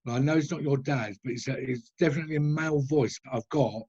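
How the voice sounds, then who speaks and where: Man medium, husky, halting, describes at length; muffled video call sound. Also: mid-range voice, darkish tone. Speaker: spiritualist medium.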